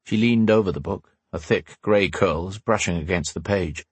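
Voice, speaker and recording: Husky male storybook narrator. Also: deep voice, normal speed, no room sound. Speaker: audiobook narrator. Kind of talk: scripted narration.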